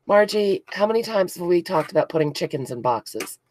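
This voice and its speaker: A woman hosts a casual craft live stream, giggling and gushing as she greets viewers by name. Her voice sits low for a woman, and the sound is dry and close. She chats warmly with her viewers throughout. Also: lively intonation, brisk, dry recording. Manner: giggly, gushing, reads out chat names.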